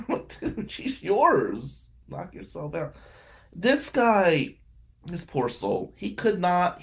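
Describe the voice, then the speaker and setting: A man casually telling wry stories about past roommates and girlfriends, with frequent laughing asides. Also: on the high side. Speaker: podcast guest telling stories. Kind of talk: casual storytelling.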